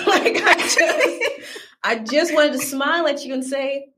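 A high-pitched woman with a Southern accent, from the American South, speaks slowly. She's a podcast guest in casual conversation, telling stories with animation and acting out the people she quotes.

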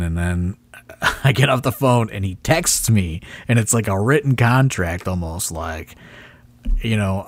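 A man's voice: on the low side, measured pace, dry recording. A man hosting a podcast and rambling through a story, full of "like" and "you know". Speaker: wrestling promoter and podcast host. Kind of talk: casual storytelling chat.

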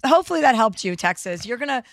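A woman's voice: on the high side, big pitch swings, vocal fry, no echo, clean studio sound. A woman hosting an advice podcast, talking frankly and profanely in a casual chat. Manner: frank and profane, quick laughs. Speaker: podcast host. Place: Whistler.

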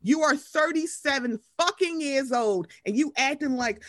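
Woman co-host, high and very lively voice, profane, fiery storyteller. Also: normal speed, hardly any pauses, dry recording, clean studio sound. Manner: profane, animated, acts out quoted voices. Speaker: podcast co-host. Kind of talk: casual reality-TV recap chat.

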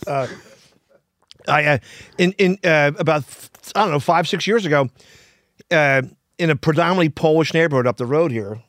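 A man's voice: a little high, a bit bright, no room sound, clean studio sound. A man telling rambling stories on a casual podcast, full of restarts. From Philadelphia, US. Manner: rambling, halting restarts, laughing easily. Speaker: plumber guest.

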